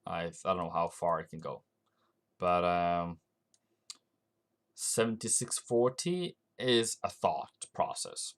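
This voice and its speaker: A man's voice: sits low, slow, pauses often. A man with a Norwegian accent giving rambling live-stream market commentary, thinking aloud with frequent restarts. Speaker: forex trading streamer.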